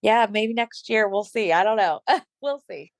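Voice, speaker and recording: A woman's voice: mid-range voice, animated, measured pace, no echo. A woman in her late thirties or forties, a bodybuilder and fitness coach, chatting casually as a podcast guest and acting out quoted conversations as she tells stories. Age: late 30s or 40s. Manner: chatty storyteller, acts out quoted dialogue. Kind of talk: casual chat.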